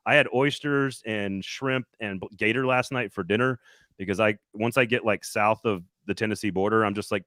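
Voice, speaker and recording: A man's voice: lowish voice, moderate pace, bright, forceful tone, no echo, studio quality. A man co-hosting a casual sports talk show, rambling with lots of restarts and easy laughter. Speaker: podcast co-host reporting from media days.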